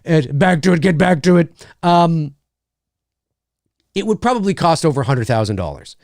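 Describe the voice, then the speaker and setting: On a studio mic in his home studio, a man hosts a casual livestream, reading viewer comments aloud. His voice is fairly high, animated and a little mellow at normal speed, with no room sound, and he rambles and jokes with lots of fillers.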